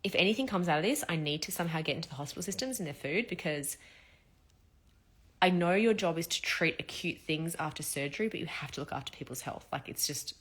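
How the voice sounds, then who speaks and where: A woman's voice: low-pitched, lively intonation, quick pace, a bit bright, slightly rough. A woman, chatting bluntly and expressively while recovering from surgery. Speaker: vlogger. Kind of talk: casual storytelling.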